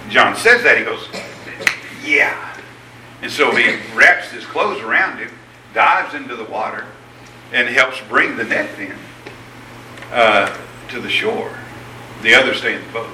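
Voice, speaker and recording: A man preaching a sermon in a conversational, animated storytelling manner, voicing the people in his story. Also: mid-range voice, echoey room, recorded from a distance, a little hiss or hum, low-quality recording.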